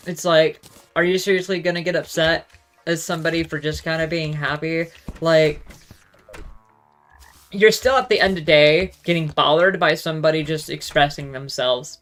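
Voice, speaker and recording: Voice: medium pitch, a bit bright. Casual solo rant, rambling delivery, frequent swearing, filler-heavy, faint background music. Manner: rambling, profane, heavy use of "like". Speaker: solo talk show host. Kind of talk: casual ranting monologue.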